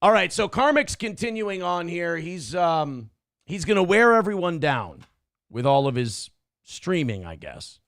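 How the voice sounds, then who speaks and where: A man hosting a comedy talk show, reacting to clips with sarcastic, profane commentary and animated storytelling. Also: high voice, unhurried, no room sound, studio quality. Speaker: morning show host.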